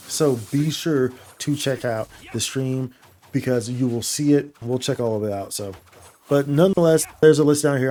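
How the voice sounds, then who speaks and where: A man's voice: mid-range voice, dark tone. A man giving an enthusiastic, casual rundown of game updates, tossing in slang like "y'all" and "bro" as he talks to his viewers. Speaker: gaming YouTuber. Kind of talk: excited gameplay update commentary.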